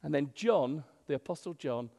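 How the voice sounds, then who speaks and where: A man preaches a sermon in a church. His voice sits a little high and rings with long reverb through the hall. He moves from loud, emphatic lines to quiet, hushed asides. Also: lively intonation, normal speed, gravelly. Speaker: pastor.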